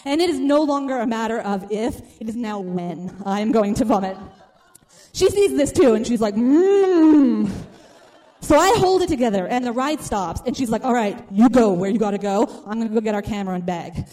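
A woman telling a funny personal story to a live audience, animated and acting out the people in it. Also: a little high, fairly quick.

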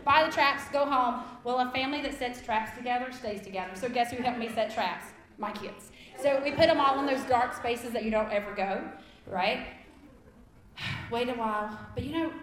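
A woman, a kindergarten teacher in her thirties, telling a comic story live to an audience in an animated, emphatic way. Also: mid-range voice. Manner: animated, emphatic, laughs through lines. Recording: echoey room.

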